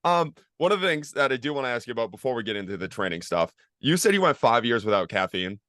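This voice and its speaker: A male podcast host talks quickly in a joking, laid-back manner. His voice sits at an average pitch and sounds dry and close, with no room echo. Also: sing-song, fairly bright tone. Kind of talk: casual podcast conversation.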